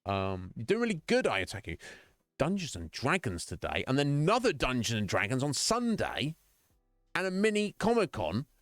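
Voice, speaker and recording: A man's voice: medium pitch, huge pitch swings, normal speed, fairly bright tone, no room sound, studio quality, faint music behind. A man streaming and chatting casually with his viewers, musing aloud as he answers their questions. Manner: reflective, rambling, answers chat questions.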